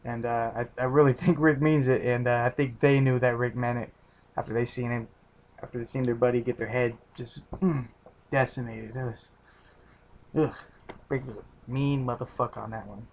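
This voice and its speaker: A man talks through a TV episode in a loose, rambling way, stopping and restarting his sentences and dropping casual swears. His voice sits at an ordinary middle pitch and stays level, with little rise or fall. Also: level tone, brisk, slight background noise. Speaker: TV episode reviewer.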